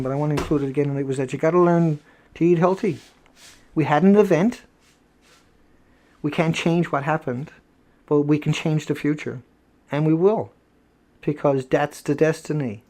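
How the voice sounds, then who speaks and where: Male host, slightly high-pitched, live-stream monologue, emphatic and preachy, rambling with self-corrections. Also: a little mellow. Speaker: host of a nightly online show.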